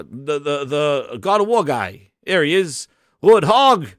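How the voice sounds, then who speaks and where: A man hosting a casual live stream, hyped and shouting out viewers, his voice hoarse after a long day. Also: on the high side, big pitch swings, slow pace, dry recording, studio quality. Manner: hyped, shouts out chat names.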